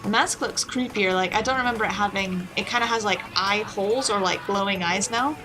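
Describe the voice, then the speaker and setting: A woman's voice: medium pitch, fairly quick, noisy background. A woman hosting a let's play, giving chatty gameplay commentary with lots of fillers.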